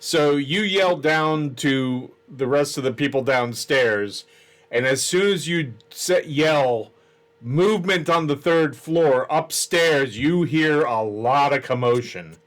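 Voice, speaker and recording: A man's voice: medium pitch, slow pace, fairly bright tone. A man narrating a tabletop role-playing game as game master.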